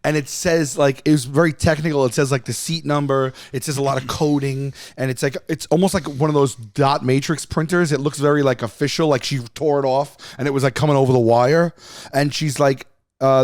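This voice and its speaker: A man co-hosting a podcast, telling a funny story in a casual, animated way and laughing as he goes. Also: mid-range voice, no echo, clean studio sound. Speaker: podcast host.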